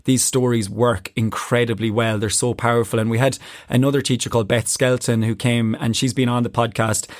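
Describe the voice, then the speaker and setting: Enthusiastic teacher, dry close sound. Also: male voice, medium pitch, no echo. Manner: enthusiastic, laughs easily, repeats words. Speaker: teacher and podcaster. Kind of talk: conversational interview answers.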